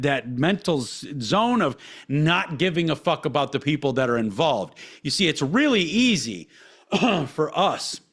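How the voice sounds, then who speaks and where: A man's voice: a little high, a bit bright. A man hosting a podcast, reading out a list with blunt, sarcastic, profane asides. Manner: blunt, sarcastic, swears often, reads lists aloud with asides. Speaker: podcast host. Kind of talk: profane casual commentary.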